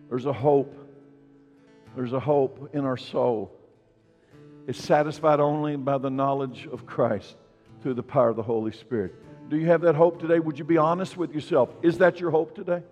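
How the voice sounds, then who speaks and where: A man's voice: a little high, steady tone, normal speed, soft background music. Male pastor preaching in an echoey hall. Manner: emphatic preaching, swelling louder on key points. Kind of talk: sermon. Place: church sanctuary. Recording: dull, echoey church hall recording.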